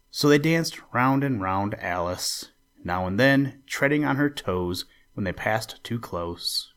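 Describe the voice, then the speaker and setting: Slow, low-voiced male storyteller. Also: animated, fairly bright tone. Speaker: storyteller host. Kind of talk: storybook read-aloud.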